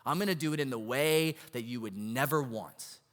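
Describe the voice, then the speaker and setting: A deep, steady divine voice that states a hard plan without hurry, as a preacher puts it on. The voice is pitched well below the speaker's normal talk, with a bright edge and a long hall reverb behind it. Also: male voice, lightly acted. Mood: firm. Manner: low, measured, resolute. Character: calm, firm God speaking to a prophet.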